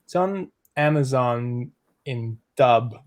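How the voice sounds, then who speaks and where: A man hosting a relaxed podcast chat. His speech is loose and rambling, full of small fillers, and he keeps nudging the group on to the next topic. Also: medium pitch, slow pace, no room sound. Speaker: podcast host. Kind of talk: casual chat.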